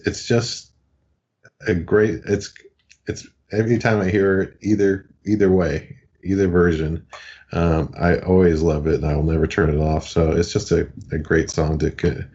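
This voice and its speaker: A man co-hosting a casual podcast, with a very low voice. He rambles and circles back on his words. His audio comes through dull and lo-fi. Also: fairly even intonation, unhurried, vocal fry, a little mellow. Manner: rambling, hesitant. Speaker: podcast co-host.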